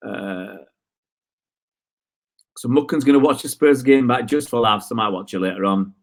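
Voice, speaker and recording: Hosting a live football stream, this man vents his frustration and fires rhetorical questions back at viewer comments. He speaks at medium pitch with a slightly bright tone.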